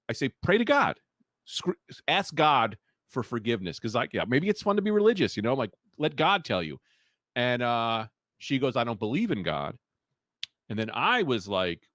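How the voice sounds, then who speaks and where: A man co-hosting a comedy podcast, telling a rambling, deadpan story with quoted voices. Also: medium pitch, dry recording, studio quality. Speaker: podcast co-host.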